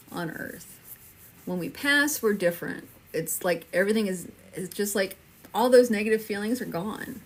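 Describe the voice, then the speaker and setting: A woman in her fifties from Texas, hosting a casual livestream and chatting reassuringly with viewers by name. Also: medium pitch. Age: 50s. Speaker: livestream medium host. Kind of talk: casual livestream chat answering viewer comments.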